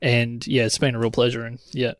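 A man's voice: medium pitch, level tone, fairly quick, no room sound. A man hosting a casual interview podcast, speaking in a friendly, plain-spoken, slangy way. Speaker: podcast host.

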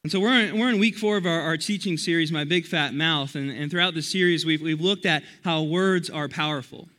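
A young man preaching as a youth pastor at a church youth service. He talks in an energetic, chatty way and often restarts his sentences while he tells stories. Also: on the high side, fairly quick. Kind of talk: youth sermon with storytelling.

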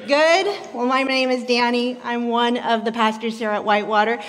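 Woman, pastor, forties, animated storytelling sermon, slightly high voice, church hall reverb. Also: moderate pace, a little hiss or hum. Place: church sanctuary.

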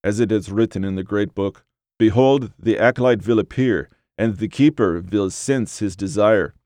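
A sinister magician with a grainy voice, low, relaxed and always in control, as a male narrator voices him. His deep tone stays calm and measured. The recording is dry and close. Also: no echo, natural voice. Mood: fervent.

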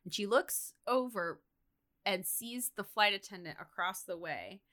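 Woman podcaster, bright tone, chatty animated storyteller. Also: mid-range voice, a little slow. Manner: animated storyteller acting out quotes, lots of "like". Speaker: podcast co-host. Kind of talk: casual comedic retelling.

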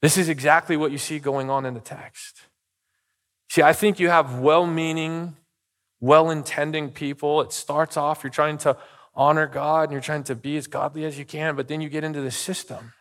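Conversational pastor with a slightly high voice. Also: male voice, fairly even intonation, moderate pace, fairly bright tone. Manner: conversational, storytelling, frequent "okay?" and "right?" asides. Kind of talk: sermon. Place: church sanctuary. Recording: long reverb of a church hall.

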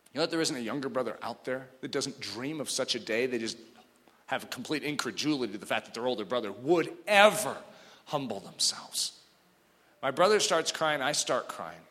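A man preaching a sermon through a personal story, swinging between hushed, tearful passages and loud outbursts. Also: fairly high pitch. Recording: long hall reverb.

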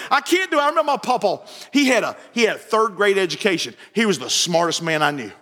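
A man preaching a sermon, telling stories with lots of repetition and shouting some words for emphasis. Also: very high-pitched. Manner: animated storytelling, repeats phrases, shouts for emphasis. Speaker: pastor. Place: church sanctuary. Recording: long hall reverb from the sanctuary.

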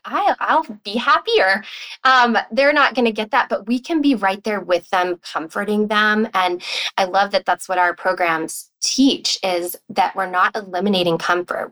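A woman in a podcast conversation talks as a sleep consultant, her voice sitting in a middle pitch. She speaks in a chatty, reassuring way, with frequent fillers and restarts. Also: fairly bright tone, low-quality recording.

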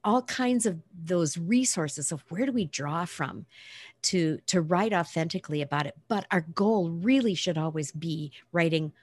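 A woman's voice: lowish voice, animated, normal speed, darkish tone, slightly rough. A woman talking reflectively in a casual podcast conversation, telling personal stories in an earnest way.

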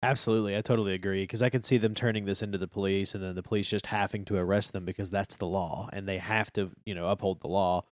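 Male podcast co-host, lowish voice, easygoing and agreeable, dry close sound. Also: fairly even intonation, fast, few pauses, dry recording. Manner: easygoing, agreeable, trailing off at sentence ends. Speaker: podcast co-host discussing a manga. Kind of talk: casual chat.

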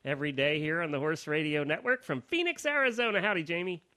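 A man's voice: a little high, quick pace, pushed and bright. A man hosting a casual podcast roundtable, joking and laughing often. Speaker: podcast host.

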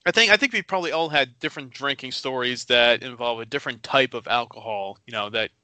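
A man hosting a casual talk show, agreeable and quick to laugh, often answering with a short "right.". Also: medium pitch, pushed and bright, no room sound. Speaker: podcast host. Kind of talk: casual chat.

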